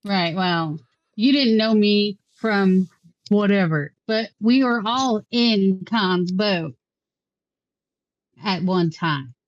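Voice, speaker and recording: A woman's voice: mid-range voice, takes it slowly, dry recording, muffled recording. A woman playing a tabletop game who talks in an anxious, joking way. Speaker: player. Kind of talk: tabletop role-play chat.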